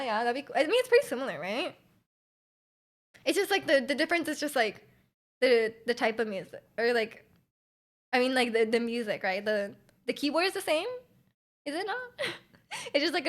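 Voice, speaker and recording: A woman streamer chatting casually with her viewers, loud and energetic, full of fillers, her volume jumping around. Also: high voice, normal speed, long pauses. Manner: chatty, many fillers, reads chat aloud. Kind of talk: casual live-stream chat.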